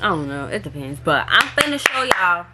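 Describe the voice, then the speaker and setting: A woman's voice: on the low side, sing-song, normal speed, recorded from a distance. A woman chatting through a casual tutorial vlog in a slangy, rambling way from her bathroom. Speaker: vlogger. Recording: roomy, off-mic, faint noise.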